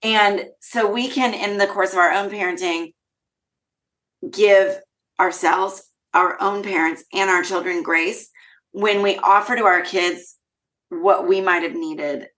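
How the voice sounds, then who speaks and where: A woman's voice: medium pitch, fairly even intonation, slow, a bit bright, rough recording. A woman hosting a parenting podcast as a coach, speaking in an affirming, reflective way. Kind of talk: casual conversational interview.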